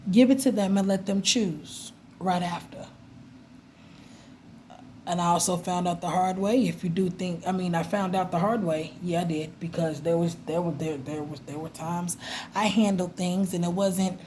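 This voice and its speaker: A woman vlogging in a casual, animated way about her faith, laughing and mimicking voices as she tells stories. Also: lowish voice, normal speed, slight background noise. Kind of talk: casual faith talk to camera.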